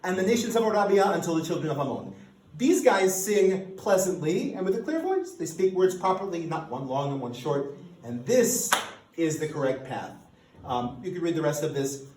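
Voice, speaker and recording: A man giving an academic lecture, lively and animated, often restarting his sentences as he explains a source. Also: fairly high pitch, moderate pace, reverberant, a little hiss or hum, poor audio. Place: lecture room.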